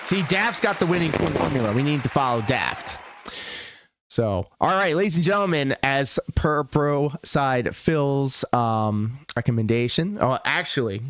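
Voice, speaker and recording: A man's voice: medium pitch, animated, a little slow, fairly bright tone, some chatter behind, slight background noise. A man hosting a livestream, reacting to videos with crude, mocking, sarcastic commentary.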